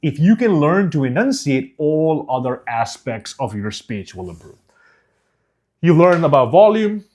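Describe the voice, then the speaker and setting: A man teaching a speaking course, speaking deliberately and clearly enunciating each syllable with emphasis. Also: on the high side, very animated, darkish tone. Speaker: speaking coach. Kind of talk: instructional course.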